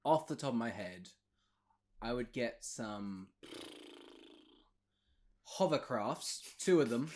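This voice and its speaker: A man's voice: mid-range voice, expressive, takes it slowly, pauses often, a little mellow, a little hiss or hum. A man co-hosting a comedy podcast, rambling playfully through a film plot and laughing often. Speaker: podcast co-host. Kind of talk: casual comedic film recap.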